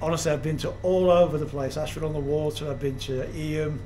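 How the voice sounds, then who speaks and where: A middle-aged man talks his way through a village on a walking tour. He is chatty and easily delighted, with a fairly high voice. His action camera also picks up faint background noise. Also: fairly even intonation, brisk, dark tone, rough recording. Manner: enthusiastic, admiring, chatty. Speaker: vlogger touring villages. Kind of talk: walking tour vlog narration. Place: outdoors in a village, then inside a small shop. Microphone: action camera mic.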